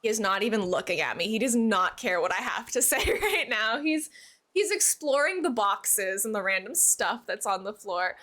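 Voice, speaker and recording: A woman's voice: medium pitch, expressive, moderate pace, pushed and bright. A young woman streaming from her room at home, chatting casually with viewers and talking to her cat in a baby voice, with hiccups. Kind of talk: casual live-stream chat.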